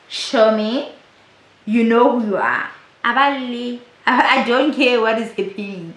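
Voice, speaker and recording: A woman's voice: on the high side, a little slow, a bit bright. A woman giving a chatty, blunt and profane casual recap of a reality show. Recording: roomy echo.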